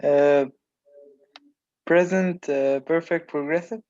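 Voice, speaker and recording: Hesitant young man answering slowly. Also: on the high side, fairly even intonation, a little mellow, no echo, highs cut off. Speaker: student. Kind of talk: answering in online class.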